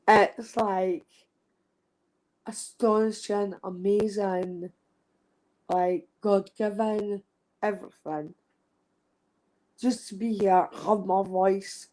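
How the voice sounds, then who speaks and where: A woman's voice: mid-range voice, warm tone, poor audio. A young woman talking openly and emotionally on a live stream, swearing freely and repeating herself. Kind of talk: emotional casual chat.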